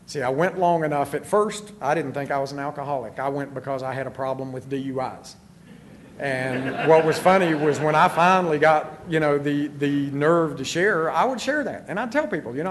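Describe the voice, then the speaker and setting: A man's voice: a little high, normal speed, a little hiss or hum. A middle-aged man telling his own recovery story in a candid, self-deprecating way, with many fillers. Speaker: recovery speaker. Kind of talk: personal recovery talk.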